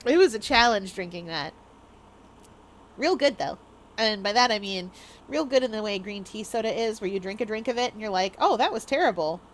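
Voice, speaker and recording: A woman's voice: mid-range voice, moderate pace. A woman streamer chatting casually with her viewers, bubbly and rambling, laughing often. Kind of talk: casual live-stream chat.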